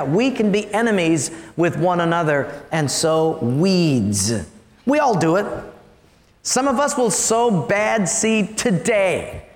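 A male pastor giving a sermon, animated and storytelling, asking the congregation to join in. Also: high voice, echoey room, long reverb tail.

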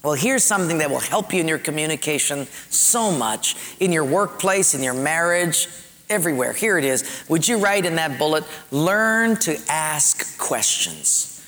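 A man's voice: a little high, lively intonation, fairly quick, fairly bright tone, big-room sound. A man preaching a sermon earnestly, using rhetorical questions. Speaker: pastor.

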